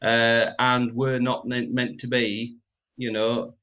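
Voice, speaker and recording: A man's voice: medium pitch, flat delivery, slow pace. A man co-hosting a casual business chat, rambling and repeating words, laughing often. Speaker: podcast co-host. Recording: slightly dull lo-fi sound.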